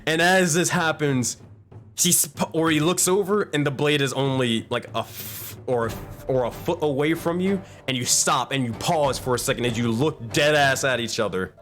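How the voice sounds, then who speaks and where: A man narrating as dungeon master, animated and loose, in a casual style. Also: mid-range voice, moderate pace, faint music behind. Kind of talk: narrating a tabletop game.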